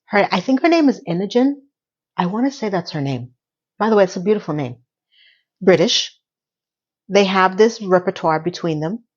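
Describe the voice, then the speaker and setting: A woman's voice: medium pitch, normal speed, long pauses, slightly rough, highs cut off. Chatty woman recapping a TV episode. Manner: animated, talks to viewers, playful asides. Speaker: TV recap vlogger.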